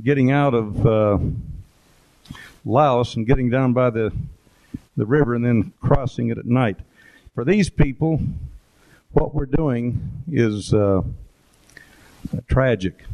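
A man's voice: mid-range voice, takes it slowly, pauses often, dark tone. A middle-aged man giving an informal talk with photos, rambling through anecdotes with fillers and asides. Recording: dull lo-fi recording.

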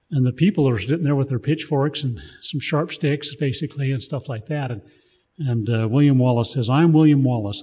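Man speaking casually to a group, digressive, husky voice, muffled recording. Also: medium pitch. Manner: rambling, digressive storytelling. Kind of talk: casual talk.

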